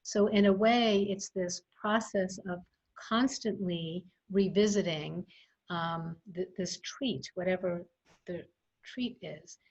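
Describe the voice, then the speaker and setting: A woman speaking as a guest expert on early childhood education in a casual webinar conversation, reflective and thoughtful with frequent pauses. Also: on the low side, darkish tone. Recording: slightly dull video call audio.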